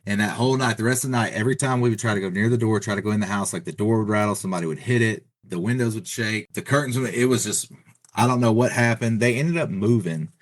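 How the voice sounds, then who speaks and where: A man's voice: on the low side, fast. A middle-aged man from Texas, a podcast guest rambling through a casual story with plenty of "you know" and "like.". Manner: rambling, filler-heavy retelling with many "you know" and "like".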